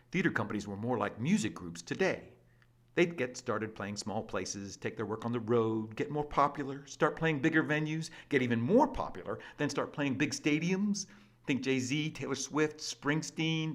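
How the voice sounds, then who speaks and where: A man presenting an energetic scripted explainer with a lively, playful and emphatic delivery. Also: medium pitch. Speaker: educational presenter.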